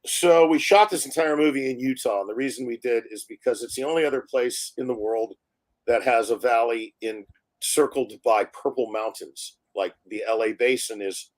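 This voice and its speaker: Brief: male guest, storyteller, lively quoted voices, frequent laughter, average pitch. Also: moderate pace. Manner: animated storyteller acting out quotes, laughs often. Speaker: film director guest. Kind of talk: storytelling in a live interview. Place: live online stream.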